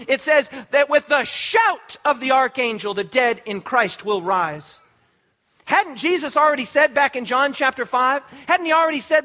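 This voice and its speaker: A man preaching a sermon with passion, repeating phrases and rising to shouts for emphasis. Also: extremely high pitch, lo-fi sound.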